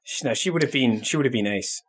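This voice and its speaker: A man's voice: medium pitch, lively intonation, fast, slightly rough. A man co-hosting a casual film podcast, teasing the others and laughing often. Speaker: podcast co-host.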